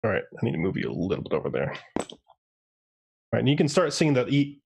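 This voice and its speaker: A man runs a tabletop game on a livestream, narrating the scene in a casual, rambling way. His voice sits at a middle pitch, and he pads his sentences with plenty of ums. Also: big pitch swings, fast talker, creaky, a little mellow, muffled recording, slight background noise. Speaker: game master.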